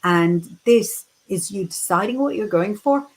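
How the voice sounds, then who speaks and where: Slow-talking British woman reading comments. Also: mid-range voice, lively intonation, rough recording. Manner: reads viewer comments aloud, chatty and warm-hearted. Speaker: psychic tarot reader. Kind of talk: casual livestream chat.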